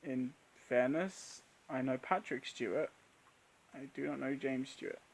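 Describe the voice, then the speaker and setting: Slow, gravelly man chatting on a livestream. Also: mid-range voice. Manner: chatty, laughs often, answers viewers' questions. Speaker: host of a live Q&A stream. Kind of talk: casual live-stream chat.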